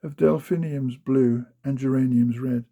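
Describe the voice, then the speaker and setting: A man voicing a sad, sleepy male dormouse in a sickbed, speaking gently and wistfully in a storybook reading. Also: medium pitch, steady tone, a little slow, muffled recording, voice pushed down.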